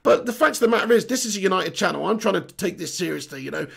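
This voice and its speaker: Lad football vlogger, hoarse throat, high-ish gravelly voice, reading out chat. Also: male voice, expressive, quick pace. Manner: chatty, matey shout-outs, blunt opinions. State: hoarse, voice going. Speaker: football channel host. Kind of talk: casual live-stream chat, reading viewer comments.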